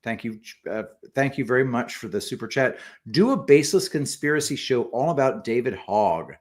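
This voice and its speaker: A man co-hosting a casual livestream, reading viewer messages aloud and adding quick remarks. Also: medium pitch, animated. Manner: reads super chats aloud with quick asides. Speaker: co-host reading donor messages.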